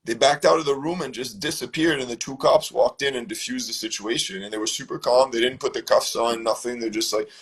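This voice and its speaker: A man's voice: medium pitch, a little fast, hardly any pauses, breathy edge. A man hosting a casual talk show from his own room, telling a rambling story with plenty of swearing. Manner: rambling, profane, animated storytelling. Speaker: show host.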